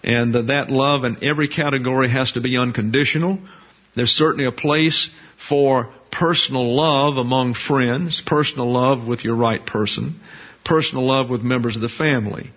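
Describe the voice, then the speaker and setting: A man preaching a sermon, teaching slowly and deliberately with emphatic repetition and pauses. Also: mid-range voice, fairly even intonation, highs cut off. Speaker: pastor.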